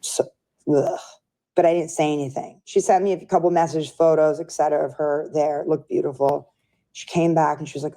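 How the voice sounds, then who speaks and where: A woman's voice: sits low, fairly even intonation, brisk, mellow. A woman telling a personal story in a casual interview, chatty and full of fillers. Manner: chatty, filler-heavy, acts out quoted voices. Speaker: friend recounting events.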